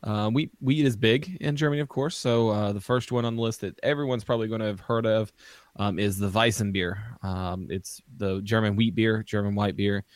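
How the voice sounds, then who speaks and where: Man, low voice, hesitant casual podcast host, dry close mic. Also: fairly even intonation, normal speed, no echo. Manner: hesitant, many ums and restarts. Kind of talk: casual chat, reading through beer styles.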